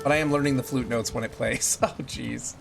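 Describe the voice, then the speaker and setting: Brisk and slightly creaky, this mid-range male voice keeps a fairly even intonation. He's streaming a game on a headset mic, talking casually with chat and cracking jokes as he plays over game music.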